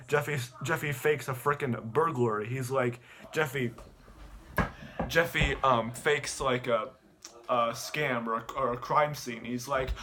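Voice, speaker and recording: A young man retells a story with lots of stammers and repeated words, mid-pitched and chatty. He jumps between narrating and acting out bits. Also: steady tone, a little slow, background noise. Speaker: online video host. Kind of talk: animated plot recap.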